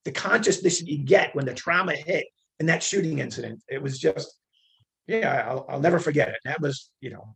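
An older man telling war stories as an interview guest, animated, acting out quoted dialogue with many fillers. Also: fairly high pitch, creaky, slightly rough. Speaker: interview guest, retired federal agent. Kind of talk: conversational storytelling.

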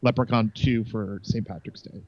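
A man guesting on a podcast, talking casually and haltingly with lots of fillers. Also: fairly low pitch, steady tone, darkish tone, no echo. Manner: hesitant, halting with many fillers. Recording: dry, dull lo-fi mic.

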